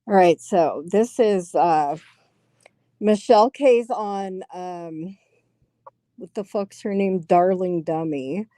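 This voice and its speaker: A woman's voice: on the low side, takes it slowly, warm tone, dry recording, clean studio sound. A woman vlogger giving casual, profane commentary on a clip, laughing often and talking straight to her viewers. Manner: giggly, swears freely, chatty asides to viewers. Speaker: vlogger reacting to a livestream clip.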